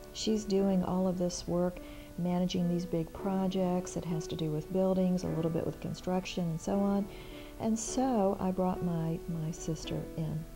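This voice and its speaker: A middle-aged woman, a small business owner, telling a personal story in an interview, animated and acting out remembered conversations. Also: lowish voice, rough recording.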